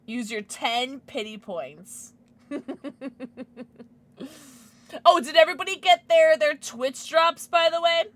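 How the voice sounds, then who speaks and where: A young woman streaming a game to her chat, giggling a lot and shrieking with excitement. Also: high-pitched, takes it slowly, long pauses. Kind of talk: livestream game commentary.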